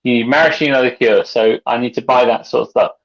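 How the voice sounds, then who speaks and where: A tipsy man co-hosting a casual livestream chat, rambling and loud as he drinks. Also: medium pitch, steady tone, quick pace, gravelly. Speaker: co-host. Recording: dull lo-fi video call audio.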